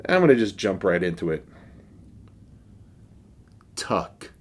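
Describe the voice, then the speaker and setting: A man's voice: on the low side, animated, a little slow, a little mellow. A man casually reviewing a beer for his vlog, rambling and wry, with many fillers and restarts.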